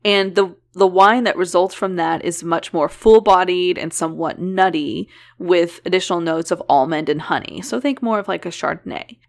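A woman co-hosting a podcast chats casually and animatedly, laughing often. Her voice is lowish, and she talks at a normal speed with few pauses.

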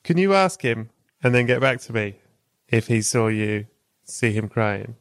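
A man's voice: mid-range voice, expressive, a little slow, dry recording. A man hosting a podcast interview, asking questions in a dry, teasing way. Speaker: podcast host. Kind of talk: casual interview chat.

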